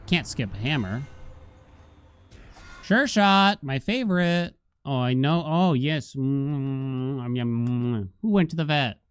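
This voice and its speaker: A man's voice: fairly high pitch, sing-song, unhurried, clear, resonant tone, dry recording. Chatty male streamer telling stories. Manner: chatty storytelling, acts out quotes. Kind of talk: casual gaming stream chat.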